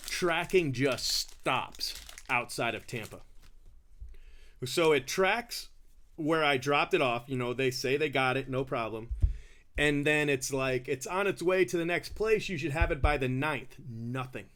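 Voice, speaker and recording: A man's voice: mid-range voice, a little slow, fairly bright tone. Casual male card breaker, chatty storyteller, mid-range voice, laughs easily. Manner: chatty, says bro and you know a lot, laughs often.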